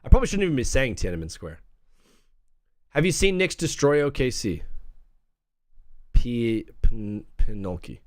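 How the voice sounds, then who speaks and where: A man's voice: medium pitch, sing-song, measured pace, pauses often, dry recording, studio quality. A young man hosting a live sports talk stream, brash and rambling, joking as he reads the chat. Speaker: sports talk show host.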